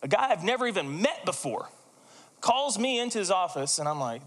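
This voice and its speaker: Lively high-voiced male preacher. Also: a little fast, big-room sound. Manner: animated, conversational, acts out quoted voices. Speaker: pastor. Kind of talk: sermon with personal storytelling.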